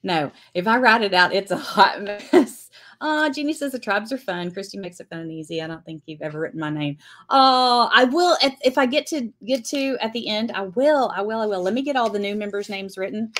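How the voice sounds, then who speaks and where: A woman's voice: mid-range voice, expressive, brisk. A woman teaching a live-streamed lettering class, chatting and greeting viewers by name as she writes.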